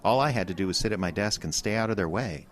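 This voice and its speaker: Guy doing a milquetoast ex-teacher in a comedy radio play, lowish voice, self-deprecating, panics fast. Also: a bit bright, close to an everyday voice. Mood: easygoing. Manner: self-deprecating, growing frantic when worried. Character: former schoolteacher turned radio writer, mild and anxious. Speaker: radio station writer. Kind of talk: comedic radio drama acting.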